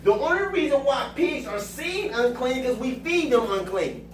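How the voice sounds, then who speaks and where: Whooping preacher in a roomy church. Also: male voice, very high-pitched, expressive, normal speed. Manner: exclamatory, call-and-response preaching with whoops. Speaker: pastor leading Bible study. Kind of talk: preaching Bible study. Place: church room with group. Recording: roomy echo, distant mic, background noise.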